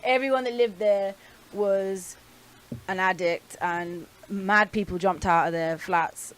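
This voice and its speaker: A young woman from North London with a London accent, chatting candidly as a radio guest, animated and swearing freely. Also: mid-range voice, slow pace. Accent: London English. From North London, England. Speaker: guest performer. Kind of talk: casual interview chat.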